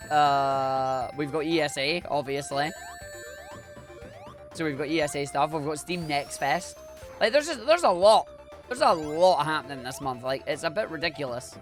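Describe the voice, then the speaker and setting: A Scottish man from Scotland, a streamer chatting casually and slangily while he speedruns. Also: on the high side. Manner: chatty and slangy, rambling asides.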